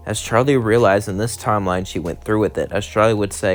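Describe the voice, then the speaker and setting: A man's voice: lowish voice, brisk, hardly any pauses, soft background music. Casual man telling a fan story. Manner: casual, loose, keeps saying "would say". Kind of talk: fan what-if story narration.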